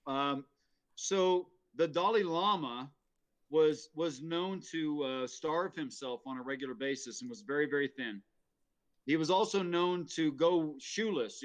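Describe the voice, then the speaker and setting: A man on a casual stream chat, slowly building up a pun joke with many ums and restarts. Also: on the high side. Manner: hesitant, full of ums and restarts.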